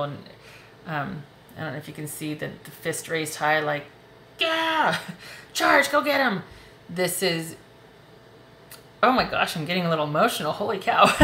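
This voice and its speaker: Brief: woman tarot reader, low voice with a bright edge, soothing and emotional, echoey room with faint hiss. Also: creaky. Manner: warm, reassuring, emotional, laughs often. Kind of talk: casual tarot reading to camera. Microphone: close desk mic.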